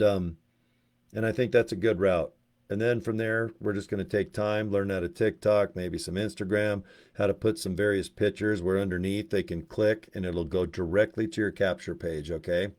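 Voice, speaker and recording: A man's voice: on the low side, darkish tone. A man hosting a casual livestream about network marketing, rambling and slangy with crude jokes.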